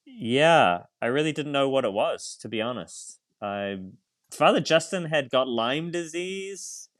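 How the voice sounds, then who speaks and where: A man who is a priest, a podcast guest, telling his story candidly in a reflective, halting way with fillers and light self-mocking laughs. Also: mid-range voice, expressive, fairly bright tone, no echo, studio quality.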